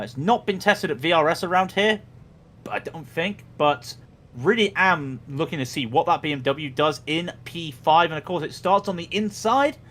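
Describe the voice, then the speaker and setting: Male sim racing commentator, chatty and joking, higher voice. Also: fairly bright tone. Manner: chatty, jokey, many restarts. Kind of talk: livestream race commentary.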